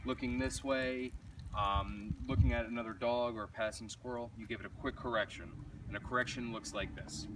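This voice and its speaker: A man's voice: mid-range voice, lively intonation, a little fast. Matter-of-fact male dog trainer outdoors. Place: outdoors on a street walk. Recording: distant outdoor camera audio, traffic noise. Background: passing vehicles and street ambience.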